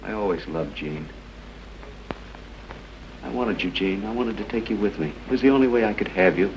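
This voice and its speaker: A vengeful, unhinged killer confessing in a slow, measured, low voice. The sound is a dull, hissy 1930s film soundtrack. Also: male voice. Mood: bitter. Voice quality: calm and measured, breaking into mocking laughter. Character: vengeful man unmasked as the killer, coldly unhinged. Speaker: villain.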